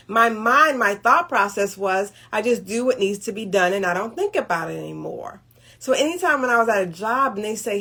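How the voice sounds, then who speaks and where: A middle-aged woman with a fairly high, slightly bright voice hosts a motivational talk about relationships. She speaks conversationally and frequently checks in with "right?".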